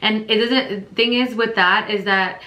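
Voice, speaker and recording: Woman doing a rambly storytime vlog, lots of "like" and "um", bright voice, echoey room. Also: mid-range voice, steady tone, measured pace. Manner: rambling, filler-heavy retelling. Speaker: vlogger. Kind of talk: casual storytime. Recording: roomy echo.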